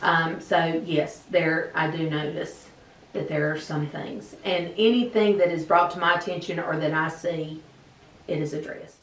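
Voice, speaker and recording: A woman's voice: low-pitched, fairly even intonation, a little slow, a bit bright, a little hiss or hum. A woman teacher answering interview questions in a conversational way, with frequent fillers. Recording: echoey room, mic at a distance.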